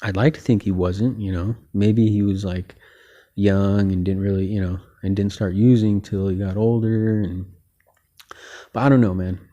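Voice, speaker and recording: A man hosts a loose, one-person sports chat, wandering from point to point and leaning on filler words. His voice sits a little low, with a dark, mellow tone. He comes across as relaxed and opinionated. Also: moderate pace. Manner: rambling, heavy on filler words like "you know". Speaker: host. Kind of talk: casual boxing talk monologue.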